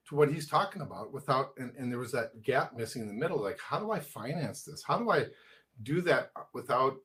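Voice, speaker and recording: A man hosting a casual conversation, telling stories in an animated way and quoting himself and others. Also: medium pitch. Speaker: host.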